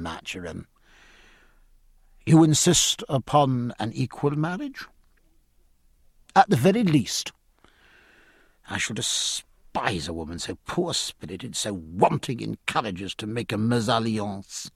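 A man's voice: mid-range voice, big pitch swings, slow pace, creaky, pauses often, slightly rough, no echo, studio quality, heavily acted. A man reading an audiobook, voicing a spirited, outspoken young woman who is scornful and impassioned. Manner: scornful, impassioned, sharp-tongued. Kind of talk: audiobook character voice.

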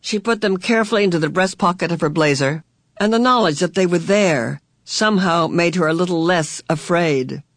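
A man narrating a novel as an audiobook reader, in clear, even storytelling. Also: sits high, normal speed, no room sound. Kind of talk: scripted narration.

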